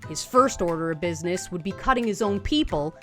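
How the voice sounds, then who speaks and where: A woman's voice: fairly low pitch, lively intonation, a little fast, soft background music. A woman hosting a satirical comedy show, delivering scripted commentary in a sarcastic, punchy way.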